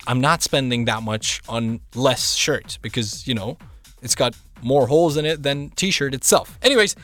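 A man's voice: medium pitch, normal speed, a bit bright. A man hosting a radio show, telling a self-mocking story in a chatty way. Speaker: radio host. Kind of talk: casual radio chat.

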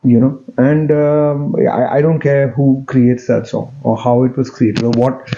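A man, answering interview questions in a relaxed, joking way with many fillers and restarts. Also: medium pitch, measured pace, vocal fry, dull audio, a little hiss or hum. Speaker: interview guest, music director.

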